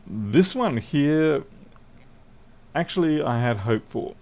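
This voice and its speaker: A man's voice: on the high side, animated, takes it slowly, creaky, a little mellow. A middle-aged Australian man with an Australian accent, chatting casually and self-deprecatingly on a repair livestream. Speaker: electronics repair streamer. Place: indoor workshop.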